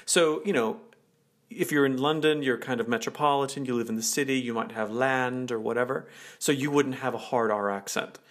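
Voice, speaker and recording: A man's voice: mid-range voice, brisk. A man, co-hosting a casual chat and explaining things with lots of fillers. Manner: chatty, explaining with many fillers. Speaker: co-host.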